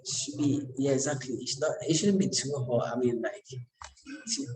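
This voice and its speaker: In an echoey lecture room, a man gives a conversational, joking university lecture, repeatedly checking in with his students. His mid-range voice is sing-song and darkish in tone, moving at a moderate pace.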